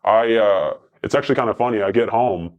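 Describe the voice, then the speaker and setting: A man's voice: on the low side, lo-fi sound. A man guest telling profane, rambling stories in a casual chat, full of fillers. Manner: rambling, profane, fast anecdotes with many fillers. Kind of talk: casual storytelling.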